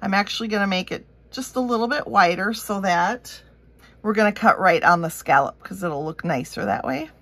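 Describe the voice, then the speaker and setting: With a mid-range, animated, slightly bright voice at a normal speed, a Minnesotan woman casually talks viewers through a craft project one step at a time. She stays upbeat and chatty, musing aloud while working. There's no room sound.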